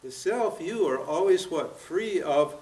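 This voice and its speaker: A man's voice: on the high side, expressive, unhurried, darkish tone. A man in his seventies giving a spiritual seminar lecture, pressing his listeners with rhetorical questions and frequent "huh?" and "what?". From United States. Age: 70s. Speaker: spiritual teacher. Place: seminar room at a yoga center. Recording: roomy, from far off.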